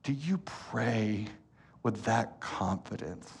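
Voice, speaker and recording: Husky-voiced pastor preaching. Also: male voice, lowish voice. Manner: animated storytelling, drops soft and slow when earnest. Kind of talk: sermon. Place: church hall.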